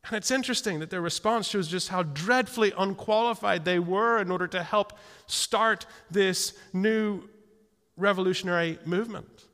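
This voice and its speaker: A man preaching a sermon, his voice bright and a little high for a man. He tells the story with animated asides and frequent stammered restarts. The sound rings with a long reverb, as in a church hall. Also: moderate pace.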